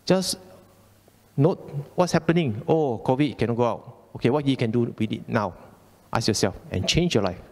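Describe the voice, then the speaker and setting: A man with a Malaysian English accent gives a casual Dhamma talk in a temple hall, chatty and colloquial, checking in with "okay?" and repeating phrases. His pitch swings widely and animatedly around a mid register. The voice carries a long reverb from the hall. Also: expressive, normal speed, gravelly, a little mellow. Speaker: Buddhist Dhamma speaker.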